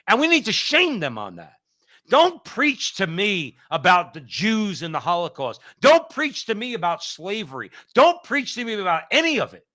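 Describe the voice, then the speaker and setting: Male co-host, fiery and preachy, bright tone, lively swings in pitch. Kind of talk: impassioned political commentary.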